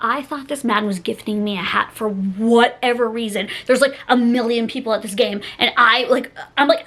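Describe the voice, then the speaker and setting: Bright high-voiced young woman vlogger. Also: normal speed, few pauses. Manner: chatty, self-mocking, laughs often. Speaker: YouTuber telling stories. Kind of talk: casual storytime vlog.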